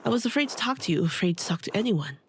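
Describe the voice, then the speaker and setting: Weary old hermit scholar, read by a woman, grieving, subdued, halting, game dialogue read aloud, even pitch. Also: a little hiss or hum, close to an everyday voice. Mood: somber.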